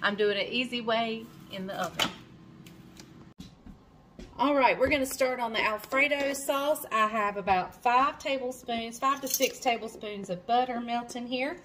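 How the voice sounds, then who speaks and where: A woman's voice: on the high side, noisy background. A woman hosting her own cooking show from her home kitchen, chatting casually as she cooks, with plenty of fillers and self-corrections. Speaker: cooking channel host.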